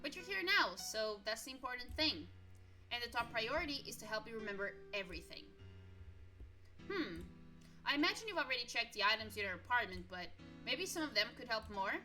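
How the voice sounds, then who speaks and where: A woman's voice: fairly high pitch, sing-song, brisk, soft background music. A woman voicing a chatty young best friend. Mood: helpful. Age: 20s. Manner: warm, chatty, apologetic.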